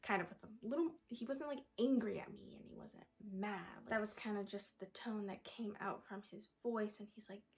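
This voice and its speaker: A young woman shares a personal story in a relaxed vlog, her voice soft and often sinking to a whisper. She rambles casually, with plenty of "like," and her tone carries a gravelly fry at a medium pitch. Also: moderate pace, hardly any pauses. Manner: rambling, full of "like" and "da, da, da". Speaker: vlogger.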